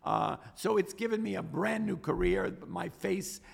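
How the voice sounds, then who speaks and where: A middle-aged man, telling stories in an interview, animated and often restarting his words. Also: sits high, unhurried, gravelly, husky. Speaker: podcast guest, stock trader. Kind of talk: casual interview storytelling.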